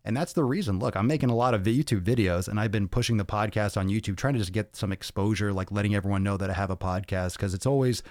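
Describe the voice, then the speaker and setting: A male podcast host, out of breath, chatting casually on a livestream and reading viewer comments in an energetic, profane, rambling way into a podcast mic. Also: fairly low pitch, fast, hardly any pauses, dry recording, studio quality. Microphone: podcast microphone.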